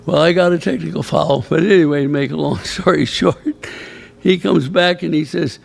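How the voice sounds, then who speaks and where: Older gravelly-voiced man spinning a yarn. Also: on the high side, moderate pace. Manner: rambling anecdotal storyteller, chuckling, quoting others. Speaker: former coach and inductee. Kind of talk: storytelling speech at an awards ceremony. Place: banquet hall at a ceremony.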